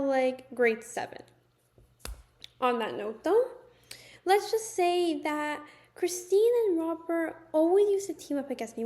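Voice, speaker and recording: Teen girl vlogging a storytime, high voice, chatty and rambling. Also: a little mellow. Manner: chatty, keeps addressing viewers as you guys. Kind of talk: storytime vlog.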